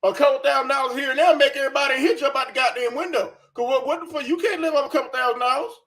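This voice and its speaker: High-voiced man mocking with scorn. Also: fairly even intonation, rapid-fire, fairly bright tone. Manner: profane, scornful and sarcastic. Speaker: commentary channel host. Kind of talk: mocking reaction commentary.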